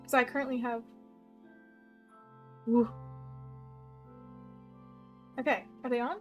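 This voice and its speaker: A woman's voice: fairly high pitch, little pitch movement, moderate pace, soft background music. A young woman giving casual, chatty gameplay commentary at home, bubbly and giggly, trailing off mid-thought. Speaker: gaming YouTuber. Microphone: desk mic with audible keyboard.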